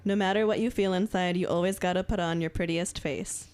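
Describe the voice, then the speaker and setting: A woman's voice: lowish voice, fairly even intonation, a little fast, a little mellow. Woman co-host reading captions aloud. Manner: giggly, breaks into laughter. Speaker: podcast co-host.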